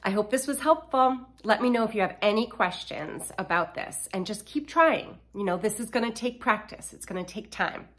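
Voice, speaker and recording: A middle-aged woman hosting a podcast, reading numbered parenting principles aloud in a measured, deliberate way. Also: medium pitch, animated, fairly bright tone, slight background noise. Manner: measured, reads lists deliberately. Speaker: podcast host.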